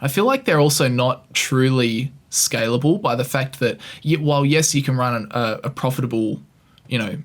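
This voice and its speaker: A man's voice: medium pitch, expressive, normal speed. A young man co-hosting a podcast, talking in a rambling, sarcastic and self-mocking way. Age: young adult. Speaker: podcast co-host. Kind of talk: casual chat.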